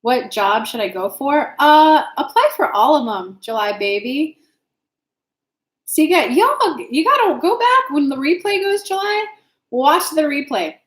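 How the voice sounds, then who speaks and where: A frank, chatty woman with a fairly high voice hosts a casual live stream as an intuitive reader. She talks straight to her viewers, calls them by name and swears without fuss. Her voice bounces around an echoey room. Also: very animated, unhurried.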